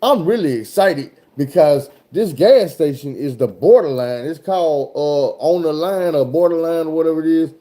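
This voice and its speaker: A man tells a road story from his trucking life, swearing freely and talking in an animated, loose way. His voice is very dark and mellow, with a relaxed, heavy warmth. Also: fairly high pitch, moderate pace, few pauses. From Arkansas, USA. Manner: animated, profane, swears often. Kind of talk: casual profane storytelling.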